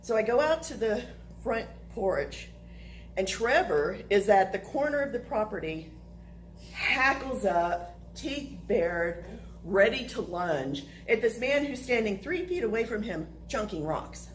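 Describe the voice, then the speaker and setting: A woman telling a personal story to listeners, animated and laughing through the funny parts. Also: medium pitch, unhurried, a little hiss or hum, low-quality recording.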